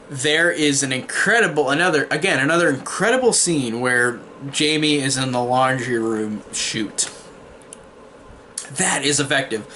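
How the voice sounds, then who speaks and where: A man's voice: medium pitch, bright, forceful tone, a little hiss or hum. A man giving a casual, rambling spoiler review of a horror film, swearing freely and filling his talk with "like" and restarts. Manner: rambling, profane, full of "like" and restarts. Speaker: movie reviewer.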